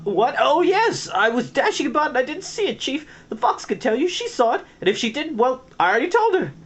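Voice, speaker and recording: A man's voice: a little high, very animated, normal speed, breathy edge, pitched above the performer's own voice. A man voicing a dim, blustering male rat henchman who babbles and whines in a storybook reading. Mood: blubbering. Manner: babbling, whiny.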